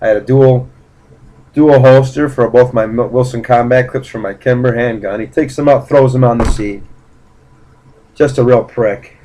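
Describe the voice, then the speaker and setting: A man's voice: mid-range voice, steady tone, normal speed, dark tone, a little hiss or hum, poor audio. A man casually recounting a personal story in a blunt, profane way, rambling with fillers and restarts. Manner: blunt, profane, indignant retelling. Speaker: vlogger.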